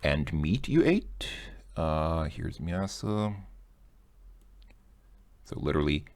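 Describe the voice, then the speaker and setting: A man's voice: very deep voice, big pitch swings, slow, a little mellow, no echo. A man casually explaining a language lesson, chatty and joking, thinking aloud as he goes. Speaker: language teacher.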